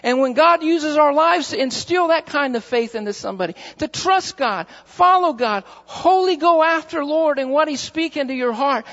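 A man's voice: very high-pitched, moderate pace, hardly any pauses, fairly bright tone. A male pastor preaching a fervent sermon, repeating his phrases for emphasis in a church sanctuary. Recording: muffled recording with long hall reverb.

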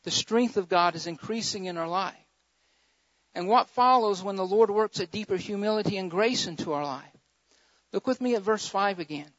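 A male pastor preaches with fervor in a high, lifted voice, surging loudly then dropping into quieter emphatic passages, repeating key phrases. He speaks at normal speed, and the recording is dry and dull with no echo, like a lo-fi sermon tape.

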